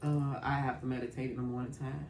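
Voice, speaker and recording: A woman's voice: a bass voice, little pitch movement, quick pace. A middle-aged woman, a family caregiver, telling her story in an emotional interview. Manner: emotional, rising to tearful and loud when recounting. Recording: echoey room, mic at a distance, faint background noise.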